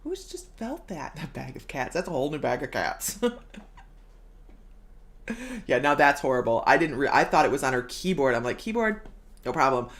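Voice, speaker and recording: A woman's voice: extremely low pitch, moderate pace, pauses often. A middle-aged woman hosting a casual live stream as a psychic medium, bubbly, laughing often and reading viewer comments aloud.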